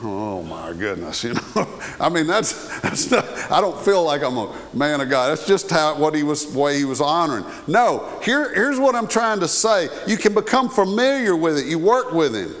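A man preaching in a slightly higher-than-usual voice, talking to his congregation in an easy, conversational way. He checks in with them often. The sound carries a long reverb, as in a large church sanctuary. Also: sing-song, normal speed, fairly bright tone. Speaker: pastor. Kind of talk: sermon.

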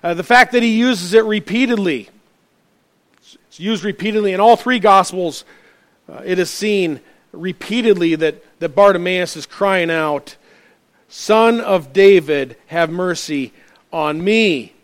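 High-voiced male preacher. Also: measured pace. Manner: earnest preaching with frequent restarts and fillers. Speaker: pastor. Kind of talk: sermon.

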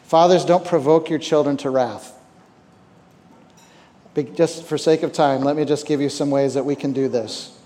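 Man, camp preacher, fairly high voice, conversational sermon, repeats words, echoing hall. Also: steady tone, moderate pace, pauses often, dark tone. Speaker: camp speaker. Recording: reverberant hall.

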